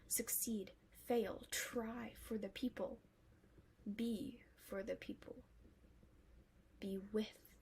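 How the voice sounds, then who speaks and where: A woman performing spoken word poetry with a rhythmic, soft and breathy delivery. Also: mid-range voice.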